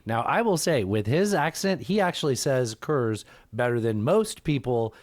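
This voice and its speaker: A man's voice: mid-range voice, expressive, normal speed, no echo. A man co-hosting a podcast in casual chat, rambling and joking and laughing often. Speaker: podcast co-host.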